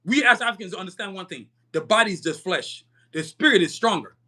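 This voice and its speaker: A man's voice: high voice, expressive, a little fast, pushed and bright. A young man hosting a podcast, delivering a fiery, profane, emphatic monologue and often stumbling over repeated words. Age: young adult. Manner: emphatic, repetitive stumbling restarts. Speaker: podcast host. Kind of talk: live-stream podcast monologue.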